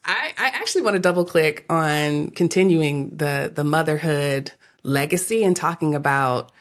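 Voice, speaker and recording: Low-voiced woman co-host, giggly. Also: moderate pace. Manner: giggly, relaxed. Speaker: podcast co-host. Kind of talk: casual interview chat.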